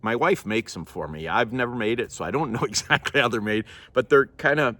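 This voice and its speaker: A man from Norway chatting casually to camera, laughing now and then and clearing a scratchy throat. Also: mid-range voice, fairly quick, pushed and bright. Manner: chatty, laughs often, self-correcting. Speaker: vlogger.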